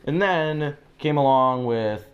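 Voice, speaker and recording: A teenage boy tells a long, rambling story in a casual way, packed with fillers, leaping into loud, high voices whenever he quotes someone. He talks slowly in a clean tone, though the recording sounds lo-fi.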